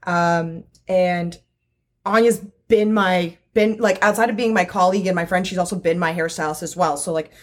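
A woman's voice: lowish voice, fairly even intonation, normal speed. A woman co-hosting a casual chat, emotional and gushing, swearing freely and using lots of fillers.

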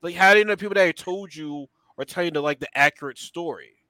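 A man's voice: on the high side, quick pace, no room sound. A man co-hosting a podcast, talking casually and animatedly about a show, laughing and acting out lines he quotes. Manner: animated, laughing, swearing, mock-quoting characters. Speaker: podcast co-host. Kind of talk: casual chat reviewing a show.

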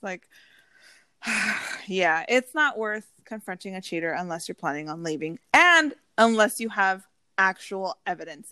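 A woman chatting casually, blunt and profane as she tells her story. Her voice is medium in pitch and sounds dry and close, with no room around it. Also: sharp tone, no room sound. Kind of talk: casual chat.

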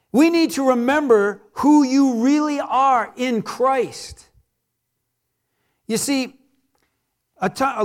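A middle-aged man preaching a sermon as pastor, talking to his congregation in a conversational way with rhetorical questions and repetition. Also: very high-pitched.

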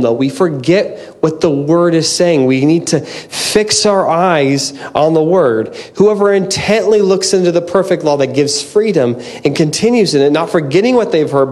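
Earnest, slightly high-voiced male preacher. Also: darkish tone. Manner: earnest, restarts often, says "man" and "like". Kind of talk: conversational sermon.

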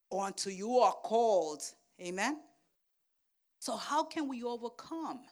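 A woman pastor preaching a sermon, checking in with "Amen?" and "right?", and swinging from soft asides to loud calls. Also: on the high side. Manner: slow, deliberate delivery.

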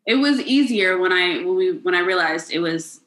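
A woman from the United States in casual chat, guessing words with quick, jokey humor. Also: lowish voice, animated, a bit bright. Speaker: guesser in a word game. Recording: echoey room.

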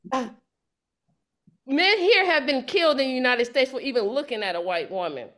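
A woman leading a congregation's Bible study, teaching in a lively, colloquial way and acting out the quotes with slang. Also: high voice, normal speed.

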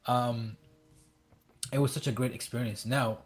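A man's voice: mid-range voice, steady tone. Male guest from Iraq, casual storyteller who stumbles and restarts, acts out quoted voices. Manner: halting, many restarts and fillers.

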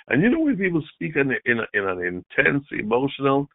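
A man preaching a sermon, swinging from shouted outbursts down to hushed, low asides. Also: wildly swooping pitch, a little fast, vocal fry, no room sound. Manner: dramatic preaching, shifts from loud shouted mimicry to low near-whispers. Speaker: pastor. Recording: dry tinny phone-like sound.

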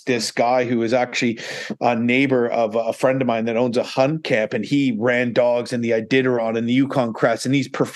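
A man speaks at an ordinary, mid-range pitch as a podcast guest. He tells his story in a loose, rambling way and keeps restarting his sentences. The telling is animated and conversational. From Canada. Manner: rambling, many fillers and restarts, animated retelling. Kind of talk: casual storytelling.

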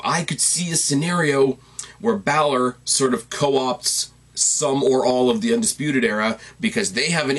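A man's voice: mid-range voice, slightly rough. A man giving a casual, rambling and enthusiastic recap commentary, often correcting himself mid-sentence. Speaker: wrestling commentator.

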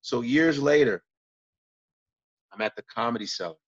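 Husky man telling stories, cursing freely. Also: normal speed, lo-fi sound. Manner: profane, animated retelling with bursts of high pitch. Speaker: guest comedian. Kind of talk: casual storytelling.

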